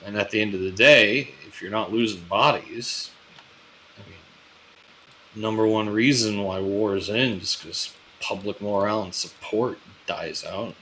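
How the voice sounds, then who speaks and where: A man in casual in-character role-play as a crew leader, musing out loud and swearing freely. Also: lowish voice, measured pace, low-quality recording.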